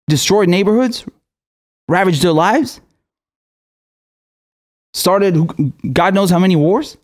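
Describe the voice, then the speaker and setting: A man's voice: sits high, darkish tone. A man giving angry, profane political commentary, exasperated and sarcastic.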